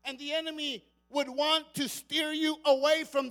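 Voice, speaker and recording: A man preaching as a pastor, moving between quiet conversational talk and shouted, dramatic preaching, acting out quoted lines. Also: extremely high pitch, level tone, normal speed, hardly any pauses. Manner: acts out quoted psalm lines with dramatic emphasis. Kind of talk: sermon.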